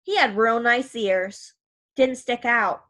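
A woman's voice: on the high side, takes it slowly, fairly bright tone. A woman voicing an older grandfather who talks in a plain, grumbling way. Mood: gruff.

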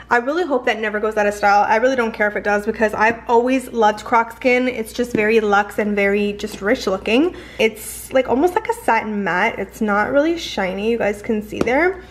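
Gushing chatty young woman, bright pitch. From Canada. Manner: gushing, chatty, lots of fillers. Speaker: fashion haul vlogger. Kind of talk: casual haul vlog chat.

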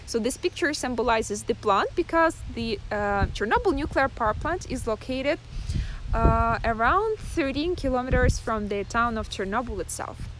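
A woman from Ukraine, giving a live-streamed guided tour outdoors in a chatty way, full of fillers and pauses. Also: high-pitched, slight background noise. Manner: chatty, hesitant with many fillers. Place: outdoors in a town.

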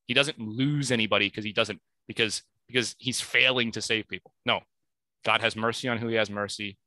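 A man's voice: lowish voice, fairly even intonation, brisk, pushed and bright, no room sound. A young man talking through a Bible passage in a casual podcast, reading verses aloud and correcting himself as he thinks. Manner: reads scripture aloud with emphasis. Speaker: podcast speaker.

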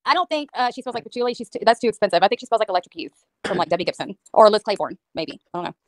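Woman ranting super fast, swinging her pitch all over, cussing, dry mic. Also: expressive, dry recording. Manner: profane, mocking, fast ranting; mimics others in a high sing-song voice. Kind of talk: heated livestream rant.

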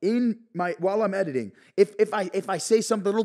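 A man's voice: high-pitched, fast talker. A man from North Carolina chatting casually on a podcast, swearing freely and telling stories with animation. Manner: loose, profane, animated storytelling. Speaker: podcast guest and video creator.

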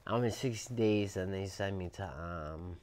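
A man with a Boston accent, a podcast guest telling prison stories in a loud, profane, animated way, acting out the quotes. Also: sits low, moderate pace. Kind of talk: casual storytelling interview.

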